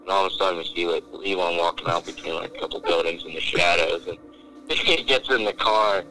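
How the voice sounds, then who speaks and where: A man telling a rambling story to friends in casual chat, animated and crude, acting out what others said. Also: low voice, a little fast, low-quality recording.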